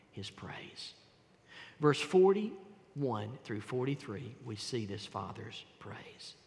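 A man preaching a sermon, dramatically moving between hushed tones and loud exclamations as he acts out the voices of Bible figures. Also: mid-range voice, long reverb tail. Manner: dramatic, swings from hushed to shouting.

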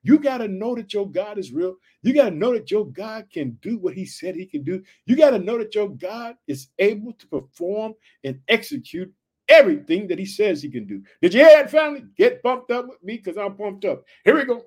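A man preaching with high energy, reading Bible verses aloud and riffing on them, repeating his catchphrases and questions to listeners. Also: sing-song, brisk, a little mellow, slightly rough. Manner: reads verses aloud then riffs on them. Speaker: preacher teaching scripture.

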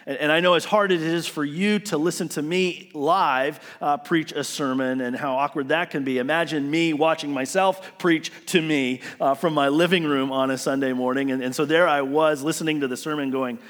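Man, pastor, sermon, earnest, emotional, fairly high voice, long hall reverb. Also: normal speed. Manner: earnest, emotional, frequent restarts, swings from hushed to raised. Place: living room during lockdown, then church setting.

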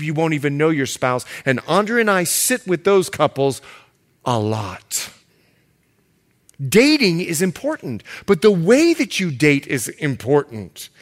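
Pastor, male, high-ish voice, very expressive delivery, playful loud-to-hushed swings. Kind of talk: sermon.

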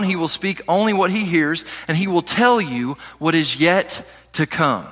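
A man preaching a sermon as pastor, reading scripture slowly and asking his listeners questions. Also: fairly high pitch. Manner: animated preaching, reads scripture slowly, asks the audience questions.

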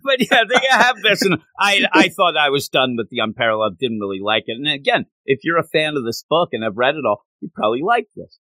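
Animated bright-voiced male podcast host. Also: on the high side, fast talker, few pauses, dry recording. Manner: animated, acts out characters. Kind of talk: casual comic book review chat.

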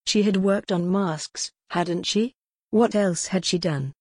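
Woman calmly narrating a story. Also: mid-range voice, slow, slightly rough, no echo. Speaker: audiobook narrator.

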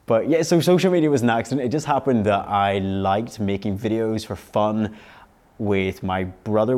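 A man's voice: on the low side, dark tone. A young man, a magician and podcast guest, chatting casually and poking fun at himself. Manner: self-deprecating, quick to laugh. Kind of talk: casual interview chat.

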